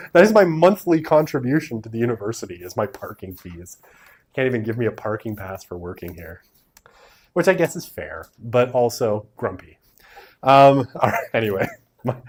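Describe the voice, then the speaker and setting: A man's voice: mid-range voice, lively intonation, normal speed, breathy edge. A man in his thirties giving a casual university sociology lecture to a classroom, chatty and self-deprecating, with joking asides.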